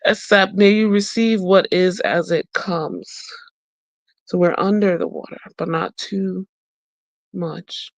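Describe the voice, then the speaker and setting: A woman casually walking through a card deck, reading each card's message aloud and then musing about the picture, with frequent pauses and hesitations. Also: on the low side, fairly even intonation, gravelly, dry recording. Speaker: tarot and oracle deck reviewer. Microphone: close mic.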